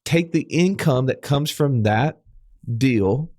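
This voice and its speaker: A man's voice: mid-range voice, animated, takes it slowly, mellow, no echo, studio quality. A man hosting a finance podcast, explaining ideas through rhetorical questions. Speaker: podcast host. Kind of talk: casual finance podcast chat.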